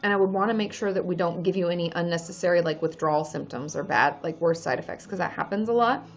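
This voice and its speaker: A woman's voice: fairly low pitch, fast, highs cut off, soft background music. Chatty woman therapist on a livestream. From Washington State. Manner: chatty, reads viewer names and comments aloud. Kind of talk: casual livestream chat.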